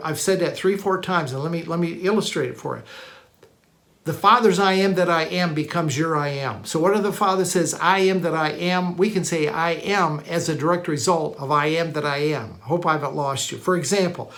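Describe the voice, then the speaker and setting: A preacher delivering a sermon teaching, with emphatic, repetitive declarations and frequent restarts, shifting between quick bursts and slow, drawn-out emphasis. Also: medium pitch, fairly bright tone.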